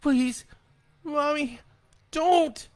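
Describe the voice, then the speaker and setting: A man's voice: drawn-out words, full character voice. A man voicing a terrified little boy who cries, stammers and pleads for his father. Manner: high, sobbing, stammering cries.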